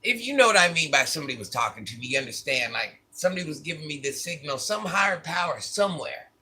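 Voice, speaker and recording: A man shares a personal story directly with his audience in a relaxed, open vlog, talking fast and expressively. His voice is slightly high, bright and tense, with a husky texture, and he repeats phrases to hammer home his points.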